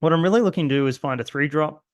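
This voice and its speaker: A man with an Australian accent and a fairly high voice races through casual commentary on his own card game, recorded without echo. As host, he rambles and jokes at his own expense, full of fillers and restarts.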